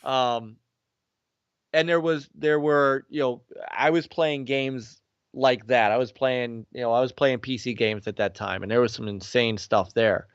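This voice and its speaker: Animated storyteller, man in his forties, dry, slightly dull recording. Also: measured pace, clear, resonant tone, no echo. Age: 40s. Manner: animated, acts out quotes with big pitch swings. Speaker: guest. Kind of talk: casual chat, storytelling.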